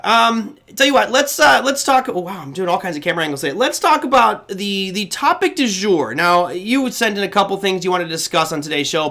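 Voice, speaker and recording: Bright-voiced man hosting a chatty live show. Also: sits high, expressive, brisk, hardly any pauses. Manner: chatty, loose, self-correcting. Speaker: host. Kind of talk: casual livestream talk.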